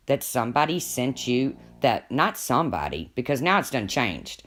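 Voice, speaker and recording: A woman's voice: very deep voice, sing-song, normal speed, a bit bright, soft background music. A woman hosting a casual live stream from home, gossiping with viewers and talking to her pets in between.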